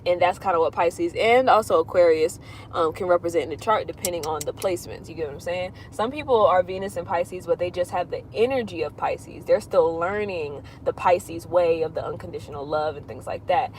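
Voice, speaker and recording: This woman astrologer talks a little fast in a fairly low voice, with a little hiss or hum in the recording. On her livestream she does readings, fielding viewer questions casually and loosely, her answers wandering in circles.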